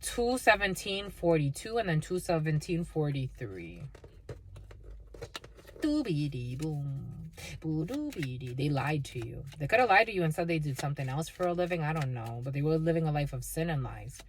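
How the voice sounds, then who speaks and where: Lowish-voiced woman reading tarot cards, swears a lot and laughs, bit of faint hiss behind her. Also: fairly quick, few pauses. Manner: blunt and profane, laughing often, lively swings in pitch. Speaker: tarot reader.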